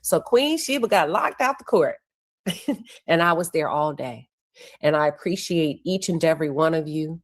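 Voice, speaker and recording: Low-voiced woman hosting a livestream. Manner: conversational, pauses to check her notes. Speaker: livestream show host. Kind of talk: casual livestream commentary recounting court testimony.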